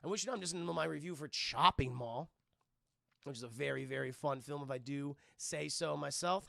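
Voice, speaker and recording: A man's voice: fairly high pitch, fairly quick, gravelly, pushed and bright, no echo, studio quality. A man casually recapping a movie on a live stream, rambling and cursing and constantly addressing his chat. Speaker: film reviewer and streamer. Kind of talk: casual livestream film review.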